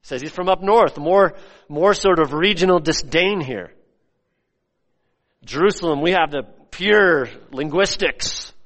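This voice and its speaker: A man preaches with energy, swinging into acted voices as he tells the story. His voice sits a bit high for a man. The sound rings with the long reverb of a church hall. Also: unhurried. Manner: animated preaching, acts out quoted voices. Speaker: pastor. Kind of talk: sermon.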